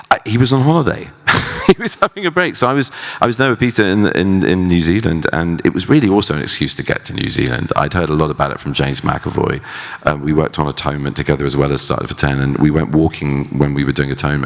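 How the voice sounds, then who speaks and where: Deep low-voiced guy, 40s, telling actor stories on stage, acts out the quotes. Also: fast talker, gravelly, big-room sound. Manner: animated storytelling, acting out quoted voices. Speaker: actor guest. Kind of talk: onstage career conversation.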